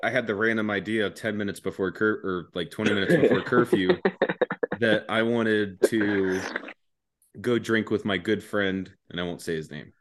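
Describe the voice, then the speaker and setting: Low-voiced young man, profane storyteller. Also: normal speed, a bit bright, a little hiss or hum. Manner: profane, laughing, rambling. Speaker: podcast guest. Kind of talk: casual storytelling.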